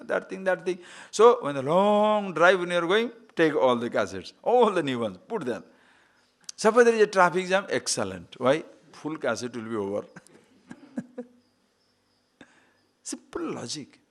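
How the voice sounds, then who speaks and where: A man with a slightly high, sing-song voice speaks at a normal pace. He gives a spiritual discourse as a swami teaching scripture, posing rhetorical questions and acting out the voices he quotes.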